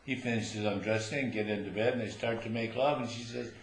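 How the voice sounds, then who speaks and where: An older man telling jokes live in a relaxed storytelling manner, with small restarts, in an echoing room. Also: lowish voice, brisk. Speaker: joke teller.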